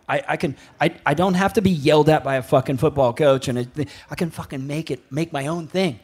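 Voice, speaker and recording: A man's voice: a little high, a little fast, hardly any pauses, a little mellow, slightly rough. A man in his fifties, a former pro surfer, telling rambling stories in a profane, laughing way. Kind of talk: casual storytelling.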